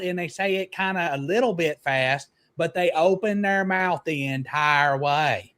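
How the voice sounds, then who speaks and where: A man's voice: a little high, moderate pace, hardly any pauses. A man hosting a gaming podcast with an Alabama accent. He talks in a loose, joking drawl. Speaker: podcast host. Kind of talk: casual chat.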